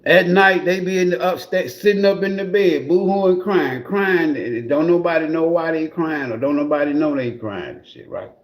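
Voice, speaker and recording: A man's voice: a little high, normal speed, hardly any pauses. A man giving a casual livestream tarot reading in a blunt, profane, mocking way. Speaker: tarot reader.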